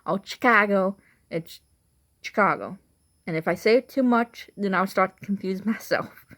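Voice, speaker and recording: A woman's voice: mid-range voice, normal speed. A young woman from Illinois with an Illinois accent, rambling through a casual vlog monologue with lots of "like" and restarts. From Illinois, USA. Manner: chatty, full of "like" and restarts. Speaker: vlogger.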